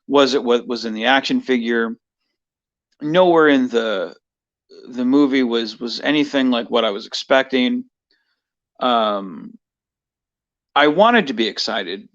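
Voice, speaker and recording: A man's voice: medium pitch, a bit bright. Rambling man, dull lo-fi sound. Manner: rambling, many fillers and restarts. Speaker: vlogger. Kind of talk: casual personal monologue.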